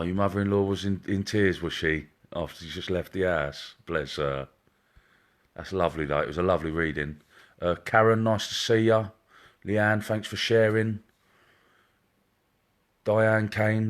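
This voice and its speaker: Hosting a psychic medium live stream while wearing headphones, this man talks in a lowish, flat voice at a moderate pace. He keeps things casual, welcoming each viewer by name like an old pal.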